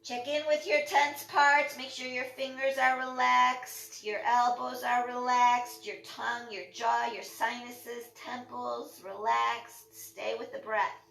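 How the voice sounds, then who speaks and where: Calm woman cueing breath, roomy and distant. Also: on the high side, slow, gravelly, hardly any pauses. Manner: calm cueing, breath-paced, short spoken commands. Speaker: yoga and breathwork instructor. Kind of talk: guided movement class instruction. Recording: echoey room from far off.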